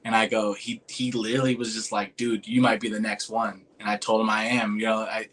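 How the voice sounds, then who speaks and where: A man's voice: on the low side, fairly quick. A young man in casual chat, telling a long story, acting out the other people's lines with lots of restarts. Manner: animated, acts out quoted voices, rambling with restarts. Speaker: podcast host telling a story.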